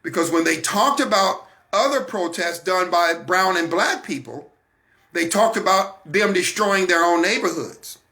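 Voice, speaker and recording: A man's voice: high-pitched, animated, measured pace, sharp tone. An American man hosting a Christian broadcast, giving an emphatic, repetitive sermon-like talk straight to his listeners. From United States.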